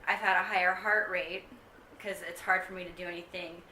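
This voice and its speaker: A woman's voice: on the low side, steady tone, a little fast, bright, forceful tone, distant mic, slight background noise. A young woman vlogging a casual pregnancy update to camera, chatty and rambling with lots of ums. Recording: echoey room, mic set back.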